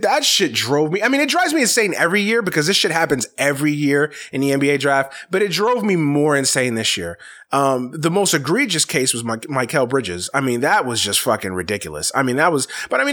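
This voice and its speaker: Man, sports talk host, exasperated profane rant, voice swinging high and low. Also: fairly bright tone. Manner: exasperated, profane, repetitive ranting.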